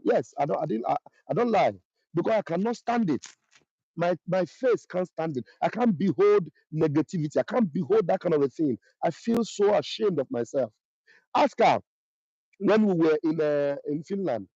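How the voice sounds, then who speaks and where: A man's voice: on the high side, dark tone, no echo, muffled recording. A man with a Nigerian Igbo accent giving an impassioned, repetitive monologue as host of his online channel. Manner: emphatic and repetitive, voice rising sharply when accusing.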